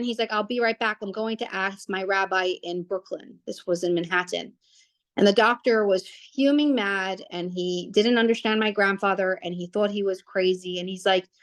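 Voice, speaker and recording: A young woman telling a family story casually, rambling with restarts and fillers. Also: mid-range voice.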